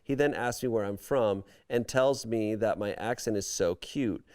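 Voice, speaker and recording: Smooth-voiced man reading posts aloud. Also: lowish voice, moderate pace, a little mellow. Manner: wry, amused commentary between read passages. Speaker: podcast host reading online stories aloud. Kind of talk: casual comedic podcast chat and reading aloud.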